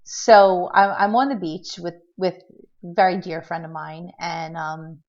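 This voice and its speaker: A middle-aged woman with a fairly low voice tells a personal story in a loose, rambling vlog style. She restarts her sentences often and leans on fillers, and she acts out what others said. The recording sounds muffled and lo-fi. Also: measured pace. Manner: tends to act out quotes in a lively way. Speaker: vlogger telling a personal story. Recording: dull lo-fi recording.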